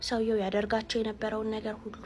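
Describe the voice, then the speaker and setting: A woman's voice: a little high, completely flat delivery, very fast, darkish tone. A woman narrating a scary personal story, mixing English words into her speech.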